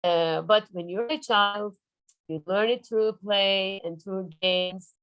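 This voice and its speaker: A woman trainer leading an online workshop on early foreign-language teaching, animated and showing her materials over a video call. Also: mid-range voice, slow pace, clean tone, no echo, low-quality recording. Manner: animated, demonstrative, shows props.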